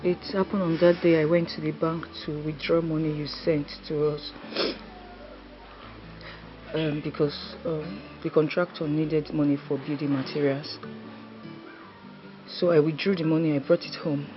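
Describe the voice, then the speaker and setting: An actress playing a sorrowful woman recounting a tragedy in halting words. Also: deep voice, little pitch movement. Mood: grieving. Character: grieving woman recounting a robbery. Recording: dull, distant audio with music.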